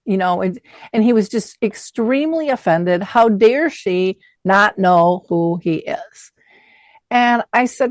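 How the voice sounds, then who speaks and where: A woman hosting an interview, telling family stories in an animated way and acting out the quoted voices. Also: mid-range voice, measured pace, dry recording. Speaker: host. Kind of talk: conversational interview.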